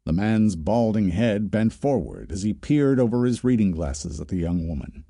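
Male audiobook narrator, low mellow voice, steady reading. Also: normal speed, creaky, dry recording, clean studio sound. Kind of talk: scripted narration.

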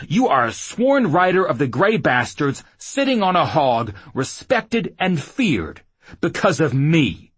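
A man's voice: a little high, sing-song, slow pace, husky, dry recording, pitched above the performer's own voice, exaggerated voice. A man voicing a hot-tempered male outlaw gang leader in an audiobook, speaking raised and through clenched teeth. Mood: seething.

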